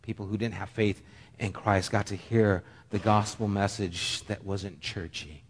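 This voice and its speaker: A middle-aged man preaching a sermon, telling a personal story in an earnest, halting way with frequent restarts. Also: on the low side, steady tone.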